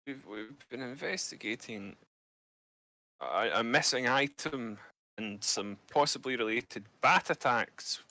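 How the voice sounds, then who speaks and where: A man's voice: mid-range voice, slow, bright, forceful tone, no echo. A man playing a tabletop game in an easygoing way, explaining his character's abilities. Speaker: player.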